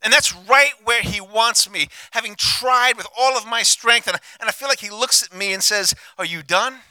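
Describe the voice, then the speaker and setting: A man preaches into a handheld mic, his voice high and strikingly bright. He is passionate, dropping low and quiet, then rising to loud, ringing declarations. The sound is close and dry, with almost no room. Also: normal speed, smooth, dry recording. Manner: passionate, swings from hushed to loud. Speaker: pastor. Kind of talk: sermon.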